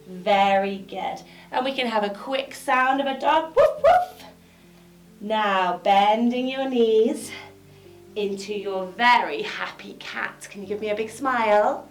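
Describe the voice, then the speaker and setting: A young woman guiding a children's yoga class, bright and encouraging, with playful high sound effects. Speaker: kids yoga teacher. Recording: echoey room with background music.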